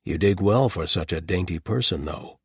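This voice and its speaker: A man voicing a large, dry-humored male paladin captain, with deadpan wit. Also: sits low, moderate pace, slightly rough, no room sound.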